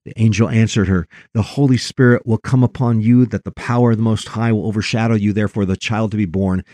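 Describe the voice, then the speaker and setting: A man's voice: fairly low pitch, fairly even intonation, quick pace, warm tone, dry recording. A man hosting a Christian talk show, reading numbered Bible passages aloud in an earnest way. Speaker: radio show host. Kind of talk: Christian radio discussion.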